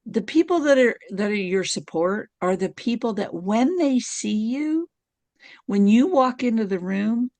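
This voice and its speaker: A middle-aged woman speaks as a podcast guest, telling her stories with animated energy and frequent laughter. Her voice has a gravelly edge and swings widely up and down in pitch. The sound is close and dry, with no room behind it. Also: measured pace, dry recording. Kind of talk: conversational storytelling.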